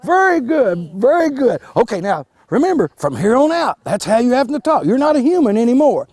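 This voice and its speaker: A Kentucky man gives children a live wildlife demonstration, folksy and animated, restarting words and using lots of fillers. His voice is very high with a breathy edge, and he speaks briskly in a dry recording.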